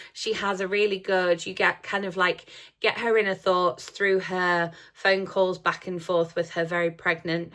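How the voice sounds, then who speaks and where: A woman talks through a film review in a loose, chatty way, full of fillers and asides. Her voice sits fairly low but has a bright, forward edge. It has the easy feel of a casual review vlog. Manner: chatty and rambling, many fillers.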